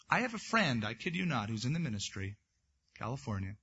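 A man's voice: mid-range voice, big pitch swings, fast, pushed and bright, breathy edge, muffled recording. A man preaching a sermon as a pastor, reading scripture aloud and then breaking into conversational asides.

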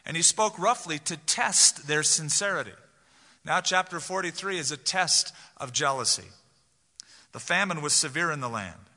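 A male pastor delivers a sermon in a casual, conversational way and slips into quoted voices. His voice sits a bit high and sounds tense and piercing. Long reverb from a big sanctuary trails each phrase. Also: bright, forceful tone. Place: large church sanctuary.

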